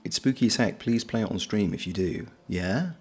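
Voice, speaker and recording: A British man with a low, slightly husky voice chats on his stream at home. He rambles and jokes at his own expense while reading out viewer messages, with soft music faintly behind him. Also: normal speed. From Britain. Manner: joking, self-deprecating, rambling. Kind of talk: casual chat reading out viewer comments.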